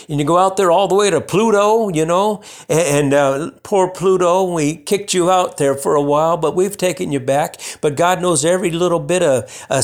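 A man preaching a sermon in a conversational way, restarting phrases and building to emphatic bursts. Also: fairly high pitch.

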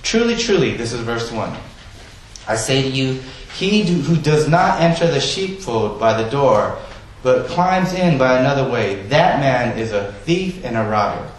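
A man preaching a sermon, stressing key words loudly and then dropping to a soft, quiet delivery. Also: mid-range voice, lively intonation, a little slow, slight background noise. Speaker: pastor. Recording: echoey room, voice from a distance.

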